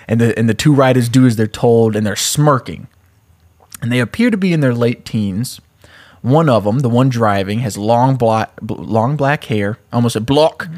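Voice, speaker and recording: A man casually pitching and retelling a story scene by scene, laughing often as he talks. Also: lively intonation, normal speed.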